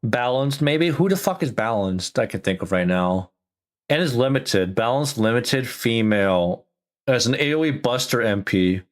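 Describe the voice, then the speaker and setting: A man's voice: medium pitch, expressive, moderate pace. A man streaming a game, thinking aloud in casual, slangy chat with plenty of swearing. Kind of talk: casual gameplay commentary.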